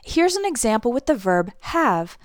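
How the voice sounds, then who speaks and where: Woman teaching with lively intonation. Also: a little high, dry recording, clean studio sound. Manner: clear, deliberate, modeling intonation on example phrases. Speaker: English teacher. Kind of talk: scripted language lesson.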